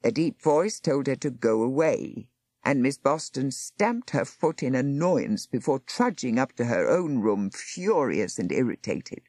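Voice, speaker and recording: Woman narrator, storybook reading, expressive, husky, dry close sound. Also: very deep voice, a little slow, dry recording. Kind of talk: audiobook narration.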